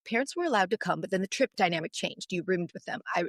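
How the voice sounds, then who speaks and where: A woman in her forties, a podcast guest, telling a long, emotional story in an animated, long-winded way. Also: lowish voice, fast talker, no echo, studio quality.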